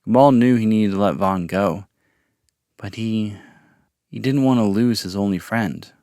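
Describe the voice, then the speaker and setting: A man narrating a story podcast in a calm, measured reading voice. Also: on the low side, no echo, clean studio sound. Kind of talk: audiobook-style story narration.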